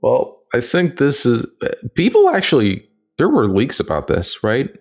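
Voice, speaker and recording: A man co-hosting a casual chat, animated and jokey, rambling and putting on mock voices. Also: mid-range voice, unhurried. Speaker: podcast co-host.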